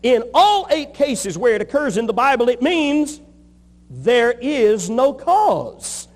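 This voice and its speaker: Male pastor, high voice, emphatic repetitive preaching, long hall reverb. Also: big pitch swings, takes it slowly. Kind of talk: sermon.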